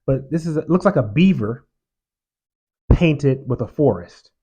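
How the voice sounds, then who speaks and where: A man's voice: medium pitch, expressive, measured pace, dark tone, breathy edge. A man hosting a show, giving casual, opinionated commentary in an emphatic way and repeating phrases for effect. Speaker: show host.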